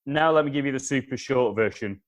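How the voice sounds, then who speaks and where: Energetic man giving punchy advice. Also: mid-range voice, a little fast. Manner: energetic, repeats key points, acts out dialogue. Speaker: communication consultant, interview guest. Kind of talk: animated advice with acted-out anecdotes.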